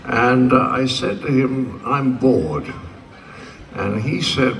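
A man's voice: mid-range voice, animated, slow, fairly bright tone, slight background noise. An older man speaking as a convention guest, telling a rambling story to a live audience with dry humor and acting out the dialogue. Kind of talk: stage anecdote for a live audience. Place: large convention hall stage. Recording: distant hall pickup with faint crowd ambience.

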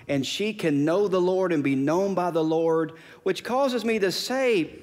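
A man's voice: high-pitched, long reverb tail. A pastor preaching a sermon, emphatic and repeating his key phrases. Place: church sanctuary.

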